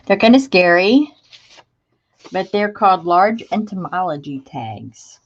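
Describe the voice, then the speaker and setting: A woman's voice: lowish voice, sing-song, measured pace, highs cut off. A woman hosting a crafting livestream, chatting casually and gushing as she greets viewers by name and shows craft supplies. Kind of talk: casual live chat while showing craft supplies.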